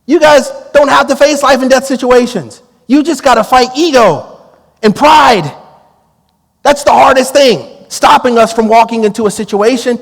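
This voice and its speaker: A man preaching a storytelling sermon, drawing on his time as a police negotiator and acting out the dialogue with lively energy. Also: very high voice, moderate pace, creaky, big-room sound. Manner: animated, acts out quoted dialogue with laughs.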